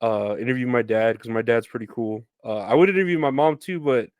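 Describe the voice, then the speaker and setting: A man's voice: medium pitch, a little fast, darkish tone, dry recording. A young man hosting a podcast, telling stories in a rambling, casual way with swearing and laughter. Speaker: podcast host. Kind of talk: casual solo storytelling.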